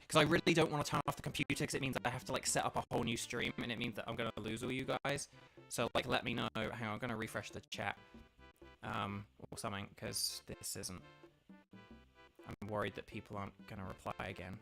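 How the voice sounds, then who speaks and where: A man's voice: mid-range voice, quick pace, vocal fry, fairly bright tone, faint music behind. An English man from England chatting hesitantly to his live-stream chat from a home setup, with lots of filler words. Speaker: game streamer. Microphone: laptop streaming setup.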